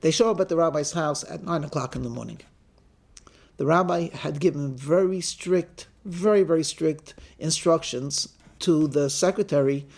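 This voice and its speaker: A man's voice: fairly high pitch, a little slow. A man, a rabbi, telling a story in a sermon and acting out the characters' lines. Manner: animated storyteller who acts out the characters' lines.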